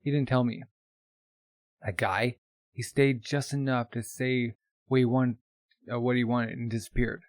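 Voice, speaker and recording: A man voicing a gruff, matter-of-fact old grandmother mechanic. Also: mid-range voice, fairly even intonation, measured pace, pauses often, no echo, close to an everyday voice.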